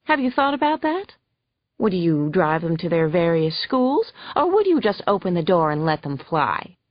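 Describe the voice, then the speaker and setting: A woman's voice: on the low side, big pitch swings, moderate pace, dry recording, dull audio. A woman voicing a snide, huffy female attorney who fires badgering questions in an audiobook. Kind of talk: audiobook character voice.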